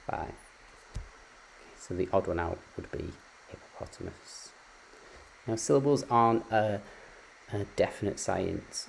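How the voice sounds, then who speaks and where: A man's voice: lowish voice, creaky, a little mellow, slight background noise, rough recording. A man teaching phonics in a patient, explanatory way, with frequent ums and uhs. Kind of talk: recorded lecture on phonics.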